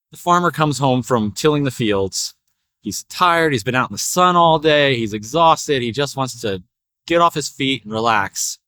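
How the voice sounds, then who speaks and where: A man's voice: fairly high pitch, fairly bright tone, dry recording, clean studio sound. A man telling a spiritual parable in a casual, chatty way. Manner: casual, chatty narration with fillers. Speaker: storyteller.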